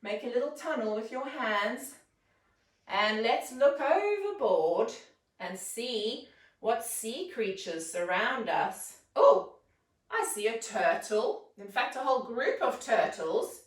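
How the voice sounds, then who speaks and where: A woman leads a children's yoga class in an unhurried, playful storytelling voice. Her voice sits a touch high, with gentle coaxing instructions. She sounds roomy and a little distant from the mic. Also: animated. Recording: roomy echo, mic set far off.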